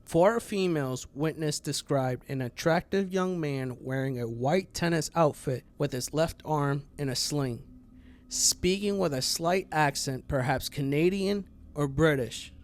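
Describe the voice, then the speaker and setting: This man's voice runs on the high side and a bit slow. He hosts a true crime channel in a loose, profane, meandering style stuffed with fillers, often cracking himself up.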